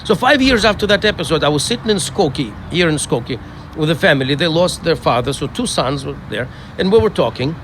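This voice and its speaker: Middle-aged man, rabbi, funeral eulogy outdoors, measured storytelling, hesitant, fairly high voice, faint traffic. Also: animated, a bit bright.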